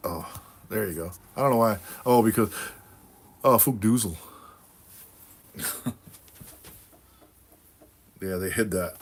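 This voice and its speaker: Husky and lowish, the voice of this New England livestream host moves slowly and pauses often. He responds to viewer comments in a laid-back, rambling chat that's profane and packed with fillers and laughter.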